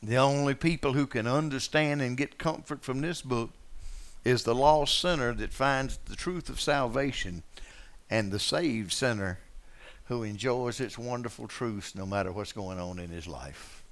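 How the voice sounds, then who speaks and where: A man preaching a sermon in a folksy, conversational way, asking his listeners questions and swinging from quiet asides to loud, passionate moments. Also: medium pitch, measured pace. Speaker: pastor.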